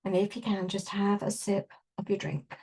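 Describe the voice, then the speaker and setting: A woman teaches a relaxed energy-healing workshop. Her voice sits in a middle register, and she explains things conversationally, with softly guided affirmations. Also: mid-range voice, moderate pace, slightly rough.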